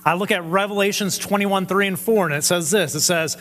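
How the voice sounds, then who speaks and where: A man's voice: high-pitched, brisk, hardly any pauses, a bit bright. A man preaching a conversational sermon who often checks in with the audience and acts out quoted voices animatedly. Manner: conversational, asks the audience questions. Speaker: pastor. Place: church hall. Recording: long church hall reverb.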